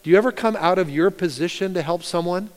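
A pastor preaching a sermon, animated storytelling that swings from loud to hushed. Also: male voice, high-pitched, quick pace. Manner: animated storytelling, rising loud and dropping soft. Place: church sanctuary. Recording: long reverb of a church hall.

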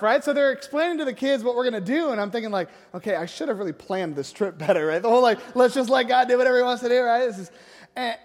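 A man, a youth pastor, telling a story in a casual sermon and often tagging lines with "right?". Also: high voice. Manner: conversational, keeps asking "right?". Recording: long echoing hall reverb.

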